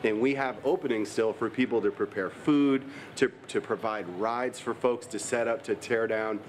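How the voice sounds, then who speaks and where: A man's voice: mid-range voice, steady tone, normal speed, slight background noise. A man from the church staff giving earnest, conversational announcements before the sermon.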